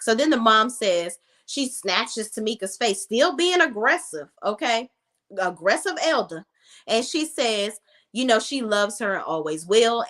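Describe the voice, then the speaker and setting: Animated, sassy woman recapping reality TV. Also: mid-range voice. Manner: sassy, blunt, animated retelling with quoted voices. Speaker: reality TV reviewer. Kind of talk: casual commentary and recap.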